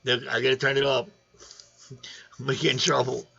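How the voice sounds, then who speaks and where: A man's voice: medium pitch, little pitch movement, moderate pace, creaky, sharp tone, dull audio. A man hosting a casual fish livestream, rambling and joking while greeting viewers by name. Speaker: aquarium channel host. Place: home room.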